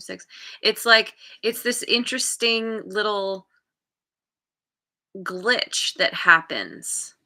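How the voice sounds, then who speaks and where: A woman's voice: mid-range voice, vocal fry, sharp tone. A woman giving a live tarot reading and thinking aloud, meandering and often restarting as she searches for words. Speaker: tarot card reader.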